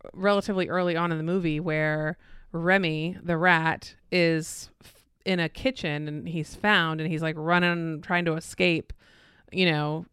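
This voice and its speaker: Clear-voiced chatty woman co-host. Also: on the low side, a bit bright, no echo, clean studio sound. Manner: chatty, laughs often, loses her words. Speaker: podcast co-host. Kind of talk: casual chat. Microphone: looking at her phone while talking.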